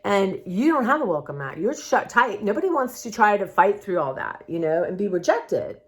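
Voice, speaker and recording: A woman's voice: mid-range voice, sing-song, normal speed. A woman talking candidly in a personal vlog, rambling and heartfelt in a confiding way. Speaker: vlogger.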